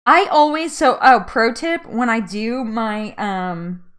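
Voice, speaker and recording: A woman's voice: on the high side, animated, slow, fairly bright tone, clean tone. A woman in her thirties hosting a casual live chat, chatty, laughing often and tripping over words. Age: 30s. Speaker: host.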